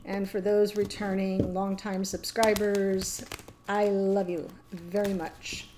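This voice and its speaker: A woman's voice: medium pitch, little pitch movement, takes it slowly, very noisy. A middle-aged woman giving a casual tarot reading to camera, chatty and meandering, often laughing and getting emotional. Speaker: tarot reader.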